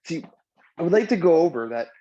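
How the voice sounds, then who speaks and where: A man's voice: mid-range voice, normal speed. A man working as a wellness coach. He leads a breathing practice and then talks in a loose, filler-heavy way, acting out the people in his stories. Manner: animated storyteller who acts out quotes. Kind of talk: guided breathing and coaching talk. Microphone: video call. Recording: dull lo-fi video call audio.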